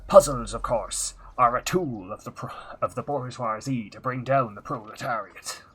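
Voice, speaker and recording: A man doing a mock Russian accent as a bellowing communist pirate who growls "arr" and shouts slogans. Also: medium pitch, moderate pace, slight background noise, close to an everyday voice.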